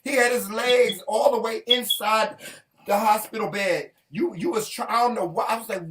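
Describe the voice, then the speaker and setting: A man's voice: high voice, moderate pace, a bit bright, distant mic, slight background noise. A man co-hosting a casual chat show, telling a story with lots of profanity and acted-out dialogue. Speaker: co-host.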